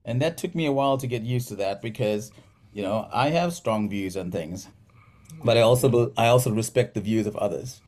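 A man's voice: lowish voice, fairly quick, a little mellow. A middle-aged man from South Africa with a South African accent, a podcast guest talking in a thoughtful way with many fillers and restarts. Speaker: physical therapist, podcast guest. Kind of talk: conversational interview.

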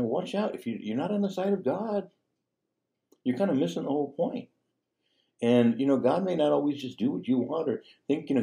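A man's voice: medium pitch, gravelly, mellow. A man, a priest, teaching a parable in a conversational sermon style, full of rhetorical questions and asides. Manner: conversational, peppered with "you know" and "see?", rhetorical questions.

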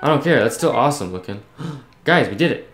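A man's voice: medium pitch, lively intonation, fairly quick, fairly bright tone, reverberant, soft background music. A man giving casual let's-play commentary, reading game text aloud between chatty remarks. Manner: reads on-screen text aloud, chatty asides. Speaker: gaming YouTuber.

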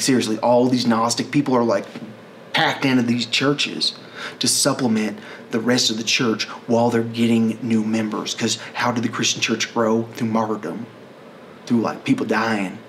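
A man's voice: fairly low pitch, a little hiss or hum. Rambling, profane man in a monologue. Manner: profane, rambling, self-correcting.

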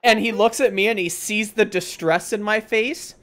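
A young man with a fairly high voice tells a story to friends on a podcast. He is animated and swears a lot, and he acts out what other people said as he goes. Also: moderate pace. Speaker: podcast host. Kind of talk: casual storytelling among friends.

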